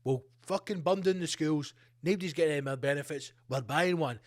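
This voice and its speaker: A man's voice: fairly high pitch, fast talker, few pauses. Sweary man ranting on his podcast. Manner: sweary, ranting, jumps between tangents. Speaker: podcast host. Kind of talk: solo podcast rant.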